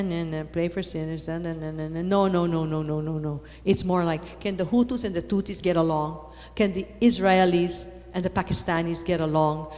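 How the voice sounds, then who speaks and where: A woman giving a lively conference talk on faith, repeating words for emphasis and rising to loud exclamations. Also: fairly low pitch. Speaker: conference speaker. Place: large conference hall. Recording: long hall reverb.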